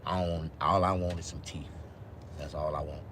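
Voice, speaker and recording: A man with a deep, low voice rambles through a casual live stream. His words come out loose and slurred from missing teeth, and he swears freely. He swings between low mumbles and loud, excited outbursts over faint background noise. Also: moderate pace.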